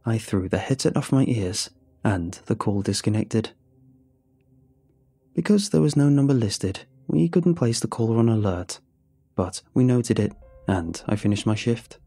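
Man narrating horror in a dark, husky voice. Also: lowish voice, lively intonation, no echo, faint music behind. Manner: measured, suspenseful delivery. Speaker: storyteller. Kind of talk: scripted first-person horror narration.

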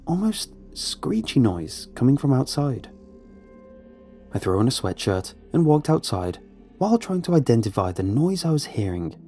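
A man narrating a first-person horror story in a measured, suspenseful way. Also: fairly low pitch, warm tone. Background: faint music.

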